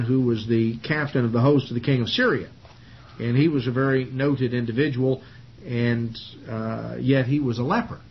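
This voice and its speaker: A man leads a Bible study in a relaxed, conversational voice of ordinary pitch. He retells the story in a folksy way, full of uhs and you-knows. The recording sounds slightly muffled and old. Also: slight background noise. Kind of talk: casual Bible study teaching.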